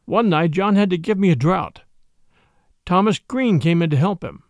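A man hosting a podcast and reading a classic novel aloud in measured, expressive narration. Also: high voice, no echo. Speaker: podcast reader. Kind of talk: scripted audiobook narration.

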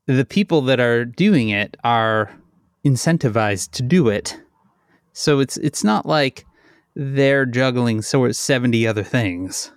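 A man co-hosting a podcast in casual chat, measured and agreeable, often chiming in with short affirmations. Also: mid-range voice, lively intonation, no room sound, studio quality. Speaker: podcast co-host.

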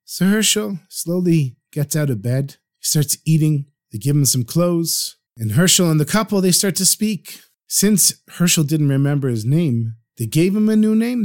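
Lively, high-voiced male storyteller. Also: normal speed, hardly any pauses. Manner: animated, vivid retelling. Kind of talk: storytelling narration.

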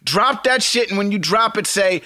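An excitable man co-hosts a podcast, his voice swooping up and down as he jokes. He sits fairly high for a man, and the sound is close and dry. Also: moderate pace, dry recording. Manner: excitable, animated, playful. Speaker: podcast co-host. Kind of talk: casual chat.

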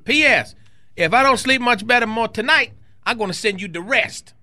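Man putting on a high twangy fellow. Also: lively intonation, moderate pace, sharp tone, heavily acted. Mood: folksy storytelling. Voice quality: exaggerated high-pitched put-on voice. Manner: breaks character laughing. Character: Cajun man Justin LeBlanc, big appetite.

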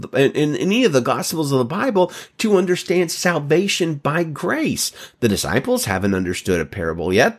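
Guy doing a devotional bible talk, lively up-and-down voice, leans hard on words. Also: on the high side, slightly rough. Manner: animated, emphatic, stretches key words. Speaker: Bible teacher.

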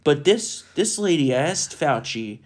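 A man's voice: a little high, sing-song, slow pace. A young man co-hosting a political podcast, talking emphatically and indignantly in casual chat. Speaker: podcast co-host.

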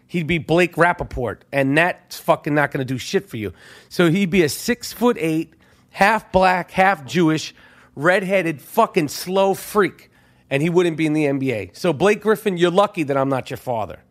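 A middle-aged man with a slightly higher-than-average voice tells a story on his own podcast. He swears constantly and bursts loud, then drops to muttered asides. It is a casual, unscripted monologue. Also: moderate pace. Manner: animated, swears constantly, swings from loud outbursts to hushed asides. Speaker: podcast host.

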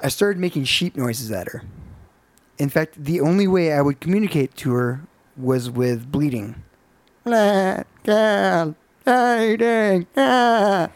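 A man telling a story in casual chat in a matter-of-fact, deadpan way. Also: mid-range voice, moderate pace, dry recording.

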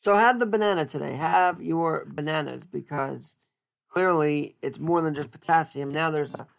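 On the high side and laced with vocal fry, a man's voice moves at a regular clip. As host of a casual solo podcast, he jokes around while thinking aloud and keeps restarting his phrases.

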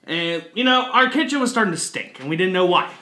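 Man, podcast co-host, laughing often, crude jokes, very bright lively voice, echoey room. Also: high-pitched, a little fast. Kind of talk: casual comedic chat.

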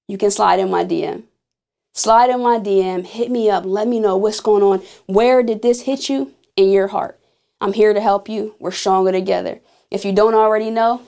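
Earnest woman host, slow and intimate. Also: medium pitch, fairly even intonation, creaky, warm tone, soft background music. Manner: earnest, slow and emphatic, speaking directly to listeners. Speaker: podcast host. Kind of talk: intimate spoken sermon on grief.

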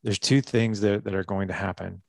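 A low, gravelly man talks earnestly as a guest on a faith-based podcast, a little emotional and reflective, often repeating his words. The sound is dry and close. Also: steady tone, a little fast, darkish tone, dry recording.

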